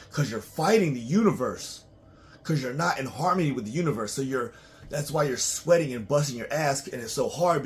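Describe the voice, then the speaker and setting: A man's voice: medium pitch, slight background noise. A man talking casually in a loose, profane, rambling monologue to his own channel, often breaking into laughs. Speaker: vlogger.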